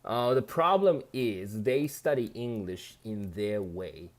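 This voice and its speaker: A man from Japan with a Japanese accent touched by Australian English, a native Japanese speaker, hosting a casual live stream where he reads viewer comments aloud and answers in a loose, halting, chatty way. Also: lowish voice, expressive. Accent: Japanese with some Australian.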